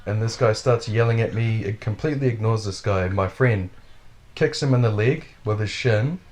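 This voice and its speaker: A man telling a wild story in casual chat, animated and full of swearing, laughing as he goes. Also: lowish voice, normal speed. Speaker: podcast storyteller.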